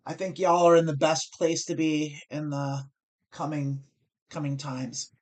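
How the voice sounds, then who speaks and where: An American woman hosts a live poker stream, thinking aloud through each hand. She talks in a casual, even way and often catches and corrects herself mid-sentence. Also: low voice, unhurried. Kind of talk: live-stream strategy commentary.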